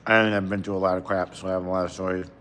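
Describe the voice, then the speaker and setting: A man's voice: low-pitched, little pitch movement, rapid-fire, fairly bright tone. A man who is a comedian chatting casually on a live stream, rambling and talking between bites of food. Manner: rambling, talks while eating.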